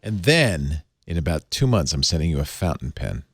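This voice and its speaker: A man's voice: extremely low pitch, big pitch swings, normal speed, husky, no room sound. A man hosting a podcast in a studio, chatting casually and playfully, laughing often and reading limericks aloud. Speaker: podcast host. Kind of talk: casual panel chat.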